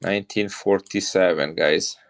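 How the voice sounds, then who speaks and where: A man's voice: deep voice, fairly even intonation, measured pace. A middle-aged man with an Italian accent, chatting casually on a live stream as he sells and shows off coins to viewers. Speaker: coin seller on a live stream.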